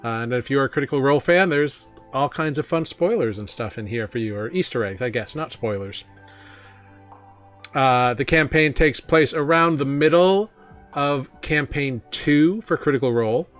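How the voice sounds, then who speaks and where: A man hosts a tabletop game stream as its game master, speaking in a relaxed, casual way full of small fillers and easy laughter. His voice sits at an ordinary middle pitch, and faint music plays quietly underneath. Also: normal speed.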